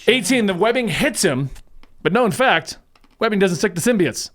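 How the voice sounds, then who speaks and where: Animated, laughing man as game master. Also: high voice, moderate pace. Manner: laughs often, animated narration. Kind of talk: narrating a tabletop game.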